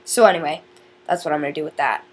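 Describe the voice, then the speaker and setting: A woman's voice: low voice, fast talker, slightly rough. A woman vlogger chatting casually through a question challenge, giggly and rambling, often stopping to restart her sentences. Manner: chatty, giggly, self-interrupting.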